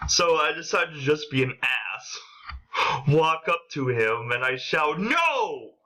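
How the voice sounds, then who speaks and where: Young male vlogger, unhurried storyteller, bright and forceful tone, acts out lines. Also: on the high side, low-quality recording. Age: young adult. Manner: animated, acts out quotes in a raised voice. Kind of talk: casual storytelling vlog.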